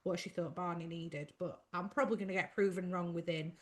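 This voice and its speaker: A woman's voice: fairly low pitch, fairly even intonation, fairly quick. A woman co-hosting a soap podcast, chatting casually and offering her takes. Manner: conversational, reads listener comments. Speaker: podcast co-host. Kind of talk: casual chat about a soap.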